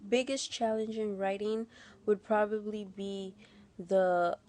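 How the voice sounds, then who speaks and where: A woman student answering reflection questions in a thoughtful way, her sentences often trailing into soft breathy endings. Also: medium pitch, steady tone, takes it slowly.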